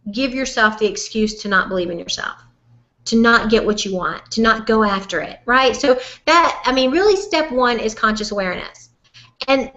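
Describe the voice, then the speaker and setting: Animated Southern woman coaching a webinar. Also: a little high, highs cut off. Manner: animated, folksy and direct, calls listener "honey". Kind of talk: motivational webinar talk.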